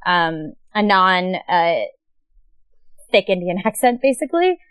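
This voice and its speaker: A woman who writes young adult books, a guest on a podcast, talking in an animated and expressive way. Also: lowish voice, a little slow, smooth, no echo. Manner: animated and expressive, laughing often. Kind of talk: casual chat.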